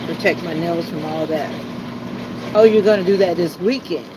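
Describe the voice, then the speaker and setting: Chatty woman over loud engine hum. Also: fairly low pitch, normal speed. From South Florida. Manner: chatty, reads viewer comments aloud and answers them. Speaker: livestream host. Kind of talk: casual livestream chat. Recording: loud background hum of air conditioning and engine.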